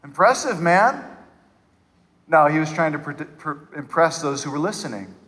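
A man preaching a sermon to his church, animated and conversational, acting out people's voices to poke fun. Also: on the high side, a little fast, long reverb tail, rough recording. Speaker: pastor.

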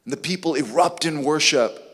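A man's voice: on the high side, normal speed, a bit bright, in a large hall. A man preaching a sermon with emphatic, rhetorical questions. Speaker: pastor.

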